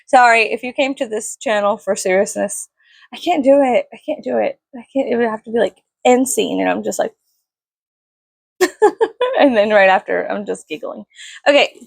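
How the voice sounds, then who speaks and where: Woman vlogger, casual unboxing chat, giggly and self-mocking, gravelly voice, dry close sound. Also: a little high, fairly quick, no room sound. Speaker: vlogger reviewing a perfume package.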